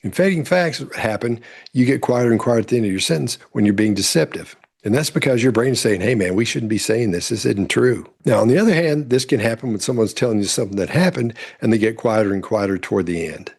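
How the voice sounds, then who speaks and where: A man's voice: medium pitch, lively intonation, fast, darkish tone, husky. A man commenting on courtroom testimony as a body language analyst, explaining in an instructive way. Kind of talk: commentary over courtroom clips.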